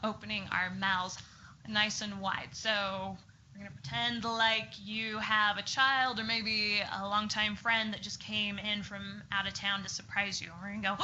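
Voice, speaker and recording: Leading a group session in a therapy room, a woman speech therapist gives supportive, step-by-step exercise instructions in a medium-pitched, bright, forceful voice with flat delivery at a moderate pace. The sound is muffled lo-fi with slight noise.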